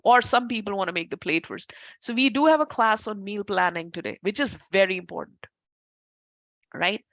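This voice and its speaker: A woman's voice: medium pitch, moderate pace, no echo, dull audio. A woman teaching a class as an instructor, talking informally, often correcting herself mid-sentence and making asides to her students. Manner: chatty, self-correcting, warm asides to students. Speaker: Ayurveda instructor.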